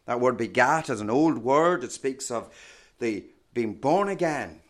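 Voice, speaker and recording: A man preaching a sermon in a measured, emphatic teaching manner, often asking rhetorical questions. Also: medium pitch, animated.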